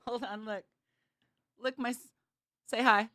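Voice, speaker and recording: A woman bass player chats to her livestream viewers in a bubbly, giggly way. Her voice sits a little high, and the sound is dry, with no room echo. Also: steady tone, takes it slowly, sharp tone. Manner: chatty and bubbly, laughs often. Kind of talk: casual livestream chat. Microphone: streaming setup with cameras.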